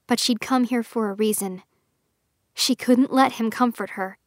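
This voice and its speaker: A woman narrating a young adult novel in a steady, expressive audiobook reading. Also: on the high side, a little slow, no echo, studio quality.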